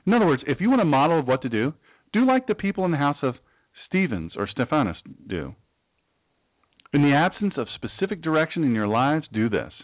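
A man's voice: mid-range voice, dry recording. A man giving a casual, folksy Bible teaching as pastor, with joking asides. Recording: dry, tinny phone-like sound.

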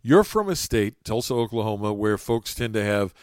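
A man's voice: lowish voice, big pitch swings, moderate pace, smooth, no room sound. Courteous male podcast host, dry sound. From southern West Virginia. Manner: friendly broadcaster delivery, courteous. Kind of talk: interview podcast.

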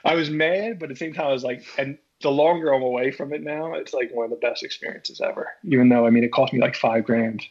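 Fast-talking husky man telling a story. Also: medium pitch. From Philadelphia. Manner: acts out his own past reactions, many restarts. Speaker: former baseball pitcher, guest. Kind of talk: animated storytelling in casual chat. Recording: dull lo-fi podcast audio.

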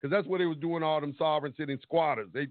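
A man with a high voice tells a long, lively story on a call-in show. He voices the other people's lines himself and swears freely. The sound is tinny and dry, like a phone line. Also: fast, no room sound. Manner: animated storytelling, acting out quotes, swearing. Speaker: caller.

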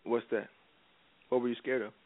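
A man's voice: medium pitch, flat delivery, normal speed, dry recording. Slangy male radio host lecturing. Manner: casual slangy preaching, repeats "you know what I'm saying". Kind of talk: faith-based advice talk radio. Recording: dry, tinny phone-like radio audio.

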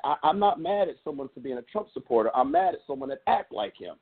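Middle-aged guy cohosting a podcast, fired up and telling stories, husky voice, sounds like it's over the phone. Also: fairly high pitch, lively intonation, fast talker, phone-quality sound. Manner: passionate, storytelling, emphatic. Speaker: podcast co-host. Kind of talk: casual chat.

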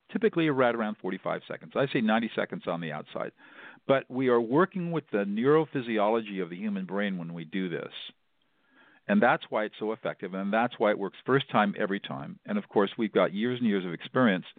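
A man's voice: lowish voice, gravelly, dry recording. A man, a mediator being interviewed, explaining his method emphatically and often repeating words as he stresses a point. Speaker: mediator guest. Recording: dry, tinny phone-like line.

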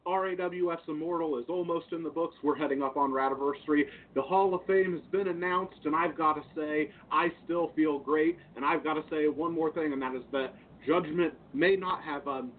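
A man's voice: steady tone, brisk, few pauses, far from the mic. A man calling in as a guest, upbeat and chatty, sometimes breaking into a few sung words. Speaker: guest caller. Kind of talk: casual call-in chat. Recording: phone line with faint rumble.

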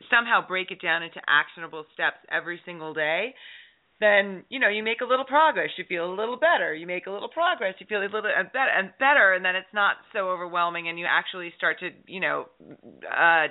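Man, radio host, high voice, encouraging, restarts a lot, tinny line. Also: brisk. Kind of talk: casual interview chat. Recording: phone-line radio audio.

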